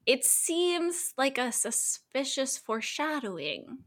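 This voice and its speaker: A woman recapping a TV episode in casual podcast chat, animated and frank, swearing freely. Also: high voice, slow.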